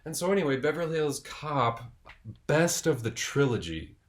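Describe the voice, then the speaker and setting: A man's voice: a little high, very animated, moderate pace. A male host talks through a lighthearted movie review in a loose, rambling way. He jokes around and often restarts his sentences. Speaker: video host and film reviewer. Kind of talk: casual comedic review.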